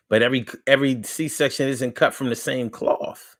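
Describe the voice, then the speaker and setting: A man hosting a live online talk show in a mid-pitched voice. He speaks in a loose, playful way with features, looping back over his own phrases and chatting straight to his viewers. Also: steady tone, moderate pace, fairly bright tone. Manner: playful, repeats phrases, reads viewer comments aloud. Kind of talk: casual live-stream talk.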